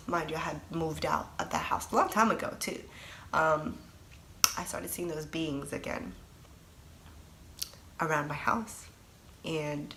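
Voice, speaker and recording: A woman's voice: fairly low pitch, a bit bright, a little hiss or hum. A young woman giving an earnest, rambling personal testimony, full of fillers and restarts, sometimes dropping to a near whisper. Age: young adult. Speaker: testimony speaker.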